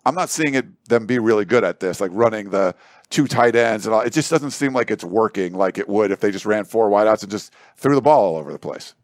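A man's voice: on the low side, brisk, no echo, clean studio sound. A man giving sports analysis on a panel show, talking in a loose, rambling way with lots of fillers. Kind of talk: casual panel discussion.

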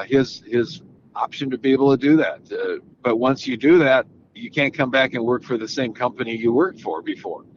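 An older man gives relaxed, rambling answers as a golf guest, starting sentences over and over. His voice sits at a middle pitch. The audio is a little dull, with a faint hiss behind him. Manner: relaxed, rambling with frequent restarts. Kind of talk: casual interview answers. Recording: slightly dull audio with faint background noise.

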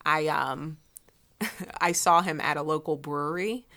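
A woman co-hosting a podcast in casual chat, telling stories in an animated way with many likes. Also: sits low, a little slow. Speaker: podcast co-host.

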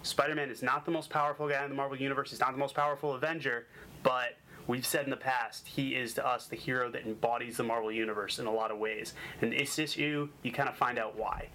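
A man from Boston hosting a comic book show, reviewing issues with energetic, joking enthusiasm. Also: mid-range voice, quick pace, slight background noise, low-quality recording.

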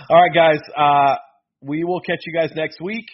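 A man co-hosting a casual sports podcast, rambling and excitable, often correcting himself mid-sentence. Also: a little high, measured pace. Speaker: podcast co-host. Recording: dull lo-fi podcast audio.

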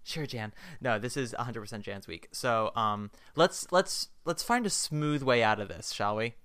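A man's voice: medium pitch, lively intonation, moderate pace, a bit bright, clear, resonant tone. A man co-hosting a podcast in casual chat, teasing and rambling. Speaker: podcast co-host.

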